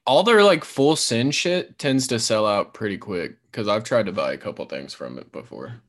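A man's voice: lowish voice, lively intonation, normal speed, fairly bright tone. Casual profane podcast guy. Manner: loose and profane, lots of fillers. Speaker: podcast co-host. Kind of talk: casual chat.

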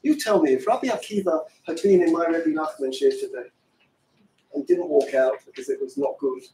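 A man's voice: on the high side, brisk, warm tone, slight background noise. A fervent rabbi lecturing a class, his voice picked up from a distance and ringing around a roomy hall. He drives his points home with pointed rhetorical questions, and a faint room ambience sits underneath. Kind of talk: impassioned Torah lecture.

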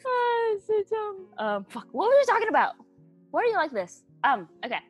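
A woman's voice: extremely high pitch, sing-song, moderate pace, soft background music. A woman in casual chat who giggles often, swears freely and keeps guessing in a playful way.

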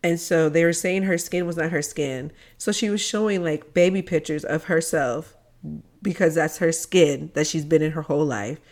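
Young woman, fairly low voice, expressive, blunt, swears, casual chat. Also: normal speed.

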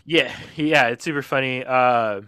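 A man's voice: medium pitch, unhurried, sharp tone, smooth, no room sound, clean studio sound. A man in casual podcast chat, chatty and full of fillers. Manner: chatty, filler-heavy, pop-culture comparisons. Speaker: podcast panelist.

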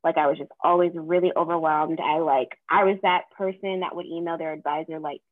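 A woman's voice: deep voice, brisk, no echo. Chatty young Southern woman, tinny and dry. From American South. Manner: chatty, fillers, lively retelling of quotes. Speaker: podcast co-host; counseling graduate student. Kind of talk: casual chat.

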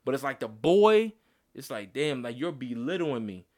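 A man's voice: medium pitch, sing-song, normal speed, darkish tone. A man co-hosting a casual podcast chat, talking emphatically with lots of slang, profanity and insistent restarts. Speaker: podcast co-host.

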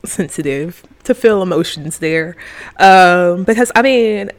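A woman's voice: fairly low pitch, measured pace. A young woman co-hosting a podcast, giving opinions casually and hedging as she thinks aloud. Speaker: podcast co-host. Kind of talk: casual chat.

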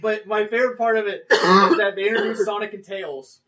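A man in casual podcast chat, an animated storyteller who laughs often. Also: sits high, fairly quick.

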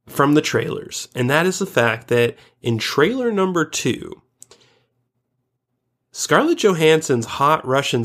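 A man in casual podcast chat with a middle-pitched voice. He jokes crudely and gets animated when he pushes a point. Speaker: podcast co-host.

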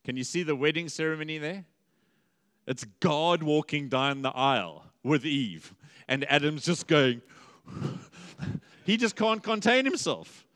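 A male pastor preaching a conversational, lively sermon, dipping to quiet emphasis and rising to exclamations. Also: a little high, measured pace, long reverb tail.

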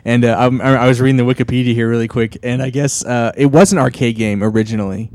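A man's voice: medium pitch, fairly even intonation, fast, a little mellow, no echo. Male podcast co-host, casual and rambling, mid-range voice, dry close-mic sound. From Pacific Northwest, US. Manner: rambling, many fillers and restarts. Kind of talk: casual chat.

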